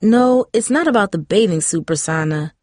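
A woman's voice: mid-range voice, animated, moderate pace, a little mellow, no room sound, clean studio sound, lightly acted. A woman reading the part of a cautious, caring teenage girl in a storybook, earnest and pleading. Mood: worried.

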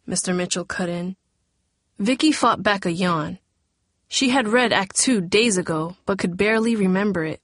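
Woman narrator, mid pitch, dry booth sound, light voicing of the dialogue. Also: moderate pace, dry recording. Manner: reads dialogue with light character inflection. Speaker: audiobook narrator. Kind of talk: scripted narration.

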